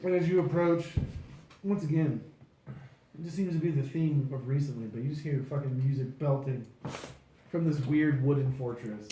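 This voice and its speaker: A man's voice: mid-range voice, moderate pace, dark tone, echoey room, slight background noise, low-quality recording. A man narrating a tabletop game as game master, loose and profane with many fillers.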